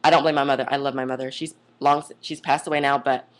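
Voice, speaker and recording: A woman's voice: a bass voice, little pitch movement, fast. A young adult woman vlogging in a casual monologue, chatty and gushing, rambling off onto tangents. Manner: gushing, says "oh my God" and "like" a lot.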